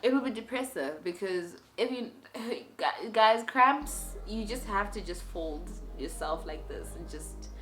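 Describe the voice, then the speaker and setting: A young woman talking candidly to her viewers in a vlog, telling her story in a chatty, expressive way. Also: medium pitch, unhurried, soft background music. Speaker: vlogger.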